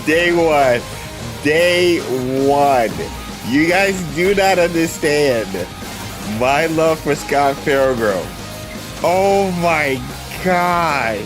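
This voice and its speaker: A man co-streaming a game showcase, reacting in chatty, excitable commentary that swings from flat to shouting. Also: on the high side, very slow. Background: showcase audio and music.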